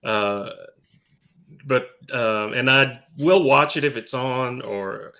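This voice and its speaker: A man co-hosting a podcast, chatting casually with a halting, joking manner. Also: medium pitch, bright, forceful tone. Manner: halting, restarts a lot, joking. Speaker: podcast co-host. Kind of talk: casual chat.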